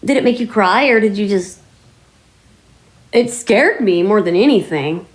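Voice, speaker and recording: A woman vlogger chatting casually to her viewers, telling stories in a chatty way with mild swearing and drawn-out exclamations. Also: medium pitch, animated. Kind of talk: casual chat to camera.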